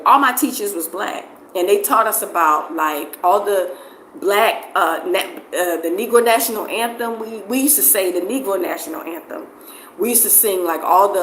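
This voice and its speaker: A woman's voice: medium pitch, fairly bright tone. A middle-aged woman from New Jersey with a New Jersey accent mixed with a Southern US one. She talks loosely in casual conversation as an interviewee, rambling with lots of "like" fillers and repeats. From New Jersey, USA. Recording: roomy echo with faint background noise.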